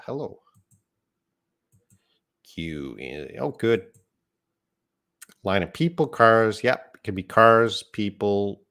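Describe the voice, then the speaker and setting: A man's voice: on the low side, a bit bright. A man teaching a live online English lesson, explaining words patiently and reading out viewer comments.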